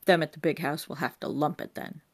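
A woman's voice: sits low, fairly even intonation, a little fast, slightly rough. A woman doing a stern, weary police inspector. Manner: stern, authoritative.

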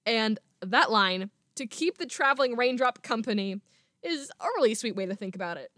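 A woman student hosting a podcast, talking chattily and reading a short piece aloud, excitable and playfully self-mocking. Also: fairly high pitch, normal speed, dry recording, clean studio sound. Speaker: podcast host.

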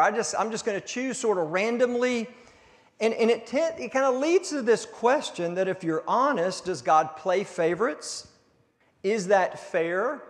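A man pastor giving a conversational sermon with a recurring cough, restarting words and slowing down for emphasis. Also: high-pitched. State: coughing now and then. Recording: long hall reverb.

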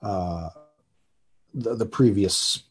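A man's voice: fairly low pitch, extremely slow, husky. A man guesting on a podcast in casual chat, easygoing and agreeable.

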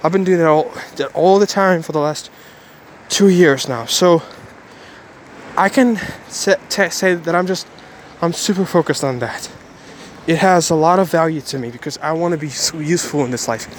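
Rambling earnest man vlogging, slightly high. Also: moderate pace, a little hiss or hum. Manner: rambling, self-correcting, earnest. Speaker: Christian vlogger. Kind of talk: casual daily vlog.

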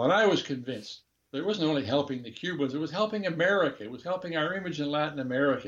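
In a casual interview, an older man who used to be a diplomat tells a rambling, candid anecdote, chuckling and correcting himself as he goes. His voice sits on the high side, and the audio sounds dull.

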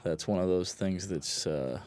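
In a low, slightly mellow voice, a film director talks unhurriedly through his own film. His commentary is loose and rambling, laid-back and blunt, stuffed with fillers and frank asides.

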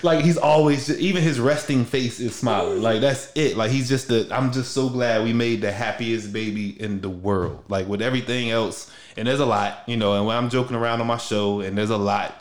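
A man's voice: mid-range voice, a little fast, hardly any pauses. Slangy young man in an echoey room. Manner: loose, slangy, rambling with frequent restarts. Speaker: podcast host. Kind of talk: casual heartfelt conversation.

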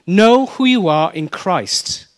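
A man's voice: high-pitched, takes it slowly, dry recording. A middle-aged man from South Wales with a Welsh accent, preaching a sermon and telling stories with humor and mimicry. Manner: lively storytelling with mimicry and humor.

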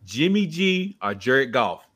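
A man's voice: mid-range voice, very animated, slow pace, a bit bright, breathy edge, dry recording. A man hosting a casual sports podcast, leading the segments in a laid-back way. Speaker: podcast host.

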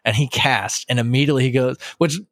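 A man's voice: medium pitch, fast talker, dry recording, clean studio sound. A man in his thirties hosting a podcast, telling fishing stories in casual chat and acting out what he and his friends said. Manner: animated storyteller, quotes himself and friends. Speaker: podcast host.

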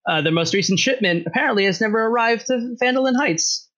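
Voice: medium pitch, expressive, fast, fairly bright tone, low-quality recording. A game master narrating a tabletop game in a rambling, laughing way with many fillers.

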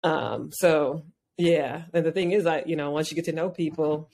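A woman's voice: sits low, steady tone, creaky, a little mellow, a little hiss or hum. Chatty woman podcast co-host. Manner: chatty, acts out her own thoughts in quick asides. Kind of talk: casual chat.

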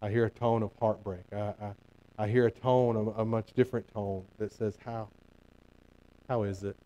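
A man's voice: lowish voice, level tone, normal speed, warm tone, highs cut off. A male pastor preaching a sermon earnestly, building emphasis through repeated phrases and frequent restarts.

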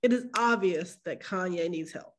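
A woman co-hosting a podcast, chatting casually with animated, slangy talk and frequent laughter. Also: on the low side, normal speed. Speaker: podcast co-host. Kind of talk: casual chat.

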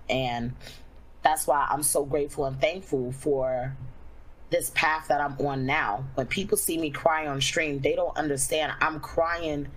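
A young adult woman, a streamer, telling a personal story candidly in a casual way, full of fillers and slowing down when she reflects. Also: sits low, rough recording.

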